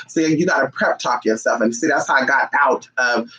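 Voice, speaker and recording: A woman vlogger telling a story to her viewers in a casual, animated and profane way, calling them "y'all". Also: extremely low pitch, fairly quick, dull audio.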